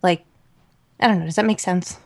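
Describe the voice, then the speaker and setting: A woman co-hosting a podcast in casual chat, talking in an animated, rambling way with lots of fillers and laughter. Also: lowish voice, moderate pace, vocal fry. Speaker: podcast co-host.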